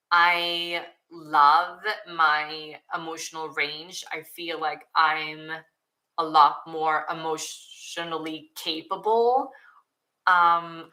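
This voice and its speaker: A young woman with a Swedish accent chats through viewer questions at an unhurried pace. Her voice sits a little low but sounds bright and forward, and she talks with lots of fillers and giggles, openly emotional. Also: poor audio. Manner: emotional, giggly, many likes and ums. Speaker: YouTuber answering viewer questions. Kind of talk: casual Q&A chat.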